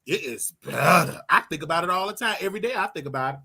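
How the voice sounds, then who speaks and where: A flamboyant man rants casually on a livestream. His voice is bright and gravelly, with some husky breath in it. His pitch swings widely and he breaks into sing-song yelps. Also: animated, quick pace. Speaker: online preacher commentator.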